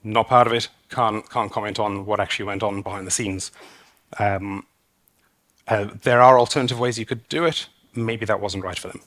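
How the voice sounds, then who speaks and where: A man's voice: lowish voice, steady tone, normal speed, fairly bright tone. A man speaking at a developer conference, explaining at length and hesitantly, with many fillers and restarts. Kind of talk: conference talk. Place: conference stage.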